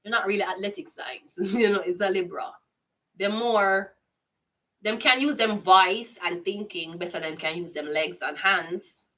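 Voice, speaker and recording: Jamaican woman, casual tarot reading, blunt patois chatter, sharp voice, distant from mic. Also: medium pitch, measured pace. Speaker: tarot reader.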